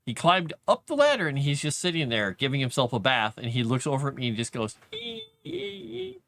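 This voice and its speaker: A man's voice: medium pitch, lively intonation, quick pace, a bit bright. A man hosting a casual live stream from his basement, chatting in a rambling way and laughing often. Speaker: livestream host. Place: home basement.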